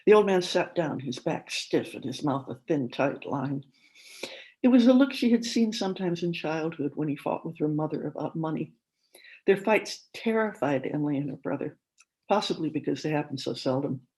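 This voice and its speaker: A woman speaking at a conference, reading a literary story aloud in a measured narrating manner. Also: low-pitched, expressive, a little mellow, low-quality recording.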